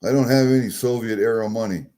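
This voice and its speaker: Fast and dark-toned, his lowish voice hurries through a casual unboxing. As a coin-collecting vlogger, he shows coins from a package he just opened, chatting, delighting in them easily, and muttering to himself.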